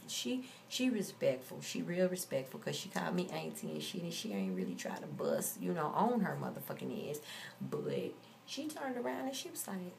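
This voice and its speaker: Blunt, profane woman with gravelly voice. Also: on the low side, darkish tone, slight background noise. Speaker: vlogger. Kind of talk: casual storytelling rant.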